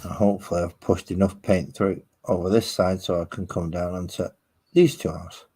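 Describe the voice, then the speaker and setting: A man's voice: low voice, fairly even intonation, moderate pace, dark tone, slightly rough. A man streaming himself painting miniatures at his home hobby desk, rambling casually to his chat viewers.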